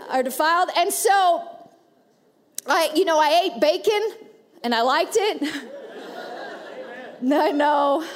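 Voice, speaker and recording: A woman in her thirties preaching a sermon in a church auditorium, playful and joking with the congregation. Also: high-pitched. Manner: playful, joking, animated asides. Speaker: pastor. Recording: reverberant church hall.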